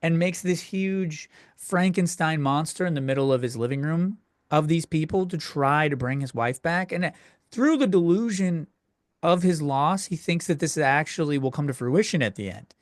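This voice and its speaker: Ranting man, higher voice, dry sound. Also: animated, normal speed, dry recording. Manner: crude, exasperated ranting with frequent self-interruptions. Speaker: podcast host. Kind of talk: solo comedy podcast rant.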